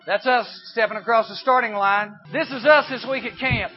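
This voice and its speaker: A man giving an emphatic sermon at a youth camp, swinging between hushed and loud. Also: sits high, animated, a little fast, hardly any pauses, faint music behind. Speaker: camp speaker. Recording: dull lo-fi recording.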